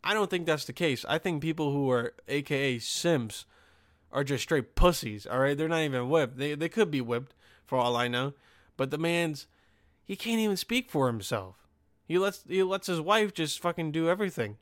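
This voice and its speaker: A man's voice: on the high side, expressive, moderate pace, no room sound, clean studio sound. A young man hosting a podcast, ranting casually and profanely with lots of restarts and sarcastic asides. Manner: frequent restarts and "okay?" asides. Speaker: podcast host.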